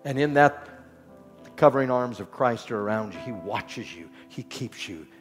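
Man preaching in a big echoey hall, soft music underneath, repeats lines over and over. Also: mid-range voice, animated, normal speed. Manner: rhythmic repetition, rising to exhortation then dropping soft. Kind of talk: sermon. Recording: long hall reverb with faint music.

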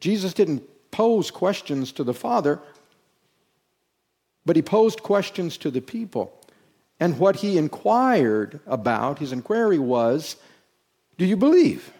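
A man's voice: fairly high pitch, big pitch swings, slow, darkish tone, husky. A man preaching a sermon as pastor, stressing his points by repeating phrases and asking rhetorical questions.

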